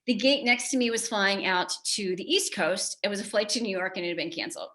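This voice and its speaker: A woman's voice: medium pitch, brisk, sharp tone. A middle-aged American woman giving a motivational talk to an audience, conversational and joking, often asking the listeners questions. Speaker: keynote speaker.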